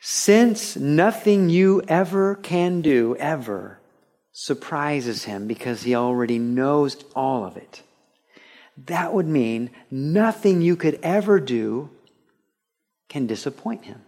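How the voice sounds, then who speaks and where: Pastor, male, higher-pitched voice; earnest conversational sermon delivery that grows animated. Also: slow pace. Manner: earnest, builds to animated storytelling with sudden louder bursts. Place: church, broadcast on radio.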